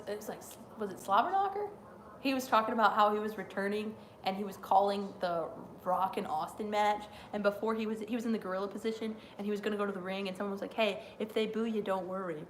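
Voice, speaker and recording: A woman's voice: medium pitch, fairly quick, fairly bright tone, a little hiss or hum. A young woman hosting a live stream, rambling casually with lots of fillers and frequent laughter.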